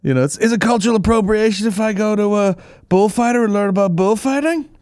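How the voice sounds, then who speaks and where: A man hosting a comedy podcast, bantering with animated, profane asides. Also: sits high, quick pace, clear, resonant tone, dry recording, studio quality. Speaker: podcast host.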